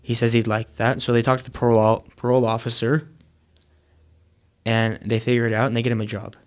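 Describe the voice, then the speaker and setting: A man telling a moving story in a sermon, measured and earnest, with dramatic pauses. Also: mid-range voice, level tone. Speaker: speaker.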